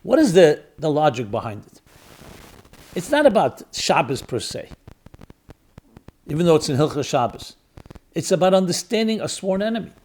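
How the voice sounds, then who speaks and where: A man's voice: fairly high pitch, very animated, moderate pace, pauses often, a little mellow. Emphatic man, rabbi lecturing. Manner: emphatic, repeats key words for stress; weighs arguments aloud, asking rhetorical questions. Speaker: rabbi and podcast host. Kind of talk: spoken lecture answering questions.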